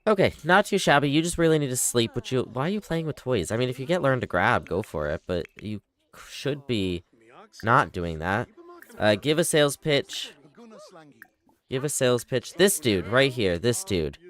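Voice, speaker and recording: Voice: mid-range voice, lively intonation, moderate pace. A livestreamer giving casual running commentary on a game, chattily bossing the characters around. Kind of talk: casual live gameplay commentary.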